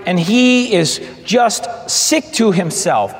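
A high-voiced man preaches in a big hall whose reverb trails after every phrase. He is animated and throws himself into each quoted line, and his delivery swings from loud to hushed. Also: unhurried. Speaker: pastor. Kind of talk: sermon.

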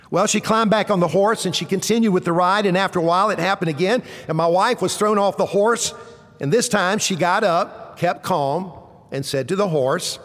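Telling stories from the pulpit, this male pastor lets dramatic pauses hang and drops his voice low and quiet to land punchlines. Long reverb from a large hall fills the recording.

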